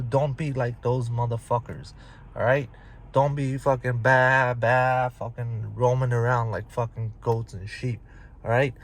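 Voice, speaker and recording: Man, casual profane rant, handheld phone, outdoors, heavy street noise. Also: medium pitch. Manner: blunt, profane, animated ranting. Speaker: vlogger. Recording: loud traffic noise outdoors.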